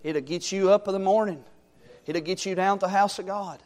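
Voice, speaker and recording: A high-voiced, middle-aged man preaches with fervor. He swings from ringing exhortation down to soft, homey storytelling. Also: fairly even intonation, fairly quick. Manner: fervent, swings from loud exhortation to quiet storytelling. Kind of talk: sermon.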